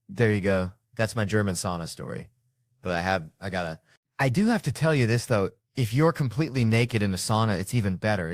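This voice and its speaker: A man with a Southern US accent telling a profane comic story, acting out the characters with sudden jumps in pitch and loudness. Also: dry recording, clean studio sound. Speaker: comedian storyteller. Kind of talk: casual storytelling.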